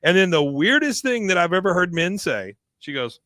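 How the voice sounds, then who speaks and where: A man's voice: sits high, very animated, normal speed, pushed and bright, dry recording. A man hosting a casual podcast, recapping a show in a chatty, filler-heavy way and laughing often. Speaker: podcast host recapping an episode.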